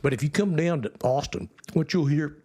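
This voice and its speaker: A man's voice: on the high side, normal speed, darkish tone, slightly rough. A man with a Texan accent, a guest in a casual interview, talking in a folksy, rambling storytelling way. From Texas. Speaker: guest actor.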